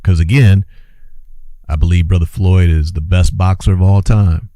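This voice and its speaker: A man's voice: sits low, fairly even intonation, moderate pace, warm tone, no echo. A man hosting an impassioned opinion monologue, preachy and urgent, repeating his phrases for emphasis and calling his listeners brothers and sisters. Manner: urgent, exclaiming. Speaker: host and commentator.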